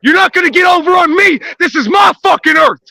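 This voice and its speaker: Man, very high voice, bright and sharp, dry sound, hostile, yelling threats. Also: brisk, vocal fry, no room sound. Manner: aggressive trash talk, shouting threats. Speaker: live stream guest. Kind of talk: profane live-stream argument.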